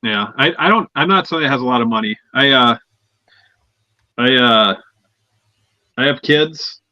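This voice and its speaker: A man's voice: medium pitch, normal speed, pushed and bright, dry recording, muffled recording. A man on a crypto podcast describing his habits in a rambling, hesitant way. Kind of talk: casual podcast talk.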